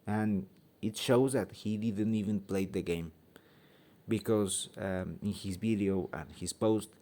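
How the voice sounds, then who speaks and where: Mexican guy ranting on his channel in second-language english, lots of ums, swears, soft dark tone. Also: fairly low pitch, steady tone. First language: Spanish. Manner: halting, searching for words, many ums; blunt, swears freely. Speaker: channel host. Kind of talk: opinion vlog rant.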